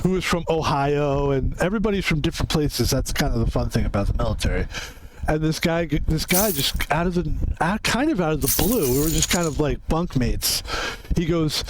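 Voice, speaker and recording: A man in his fifties gives loose, meandering commentary while playing a game. His voice sits a little high for a man, and he drifts into stories peppered with swearing. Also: background noise. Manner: rambling storytelling with frequent profanity. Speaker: gaming video host.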